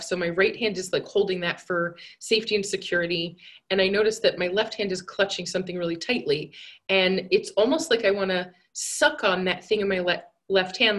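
A woman's voice: on the low side, fairly bright tone. A woman recounting a vision journey in a rambling, hesitant and earnest way, with many fillers and restarts. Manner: earnest and reflective.

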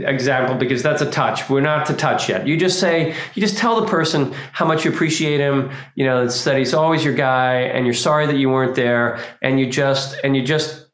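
A man giving an informal spiritual talk, animated and acting out small quoted scenes as he explains. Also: medium pitch. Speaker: spiritual teacher. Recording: roomy echo.

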